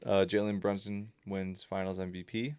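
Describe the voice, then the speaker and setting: A man's voice: deep voice, level tone, normal speed, a little mellow, clear, resonant tone, dry recording. A young man co-hosting a casual sports podcast in a laid-back, offhand way, with plenty of fillers. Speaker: podcast co-host.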